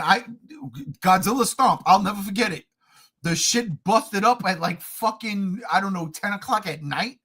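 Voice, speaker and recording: Husky high-ish guy hosting a podcast, swearing a lot, gets loud and hyped. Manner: excitable, profane, laughs and shouts often. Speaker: podcast host. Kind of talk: casual chat.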